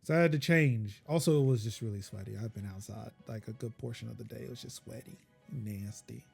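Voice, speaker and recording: A man's voice: mid-range voice, fairly quick, creaky, darkish tone, faint music behind. A man hosting a tech podcast in casual chat, jokey and self-deprecating. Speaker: podcast host.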